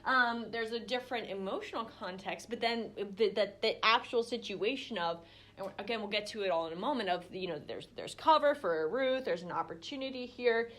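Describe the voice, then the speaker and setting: Her medium-pitched voice is brisk and a bit bright as she guides a small group through Bible study. The young woman keeps it conversational, dramatizing quoted lines and often using fillers and starting over.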